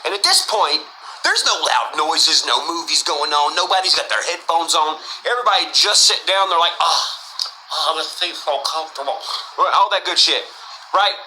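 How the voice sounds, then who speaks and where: Profane, laughing storyteller man with a high, piercing bright voice. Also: lively intonation, normal speed, a little hiss or hum, poor audio. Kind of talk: comedic storytime.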